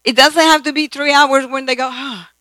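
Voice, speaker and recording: An older woman preaching a sermon, telling stories slowly and repeating phrases for emphasis. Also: high-pitched, steady tone, sharp tone, no echo, low-quality recording.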